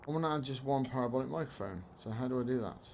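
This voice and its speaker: A man's voice: mid-range voice, rapid-fire, vocal fry, a little mellow, a little hiss or hum. A man hosting a game stream, chatting casually and wryly, thinking aloud with restarts over a voice-chat mic. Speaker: streamer and host.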